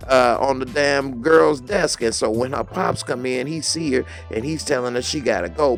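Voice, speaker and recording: A man giving a casual, slangy recap of a TV episode and quoting the characters as he goes. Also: mid-range voice. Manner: slangy, lively retelling with quoted lines. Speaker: TV recap reviewer.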